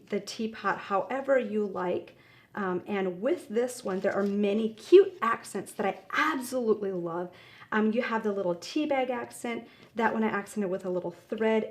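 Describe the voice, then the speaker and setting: A woman's voice: mid-range voice, a little mellow. A woman giving a step-by-step craft tutorial, explaining as she works, with many ums and small restarts. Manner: friendly instructional, frequent ums. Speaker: craft demonstrator. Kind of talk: tutorial demonstration.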